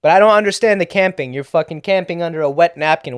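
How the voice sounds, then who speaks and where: A man's voice: a little high, fast talker, clean tone, no echo, clean studio sound. Man ranting in a mock New York accent. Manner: profane, sarcastic ranting with frequent laughs. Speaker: comedian. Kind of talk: solo podcast rant.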